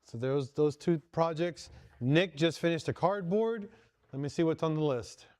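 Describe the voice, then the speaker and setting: A man's voice: fairly high pitch, moderate pace, darkish tone, no room sound. A man hosting a casual workshop vlog from his home garage shop, talking viewers through each step as he works. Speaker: host.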